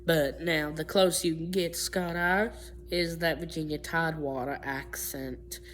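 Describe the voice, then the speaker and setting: A woman vlogger explains accents in an unscripted video, rambling through her points and often restarting or correcting herself. Her voice is low and steady, her pace moderate, with a little hiss or hum in the recording.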